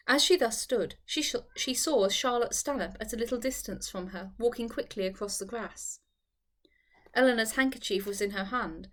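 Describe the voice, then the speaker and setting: Expressive woman reading a classic novel. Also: on the high side. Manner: measured, expressive storytelling. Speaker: audiobook narrator.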